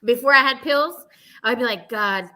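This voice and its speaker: A woman's voice: a little high, moderate pace, bright, forceful tone. A woman podcast host telling candid, profane stories about herself in casual chat. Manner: candid, profane confessional storytelling.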